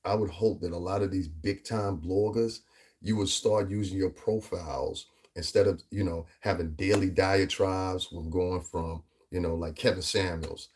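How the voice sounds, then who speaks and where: Low husky-voiced man ranting on his vlog. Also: fairly even intonation, moderate pace, a little mellow. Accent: New York area. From US Northeast tri-state area. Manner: rambling, emphatic, frequent "you know what I'm saying". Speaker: vlogger. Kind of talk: casual commentary vlog.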